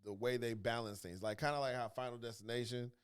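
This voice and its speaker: A man's voice: mid-range voice, fast, clean tone. A man co-hosting a casual podcast, riffing comedically with profanity, frequent laughter and acted-out quotes. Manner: animated, profane, laughs often, acts out quotes. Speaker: podcast co-host.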